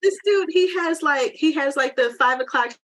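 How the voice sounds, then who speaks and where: Bright high-voiced woman, candid chat. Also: animated, moderate pace. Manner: candid, frank storyteller. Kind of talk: casual chat.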